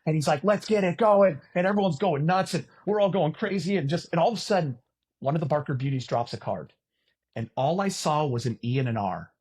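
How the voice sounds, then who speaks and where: A man in his fifties from California, an animated podcast guest telling stories, acting out quotes and swearing casually. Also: a little high, a little fast, slightly rough. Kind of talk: casual storytelling chat.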